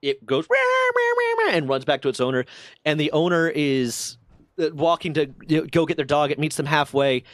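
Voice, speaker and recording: A man hosting a livestream, telling stories to his chat in a profane, animated way. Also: a little high, brisk, no room sound, clean studio sound. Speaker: livestream host. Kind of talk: casual storytelling to a stream chat.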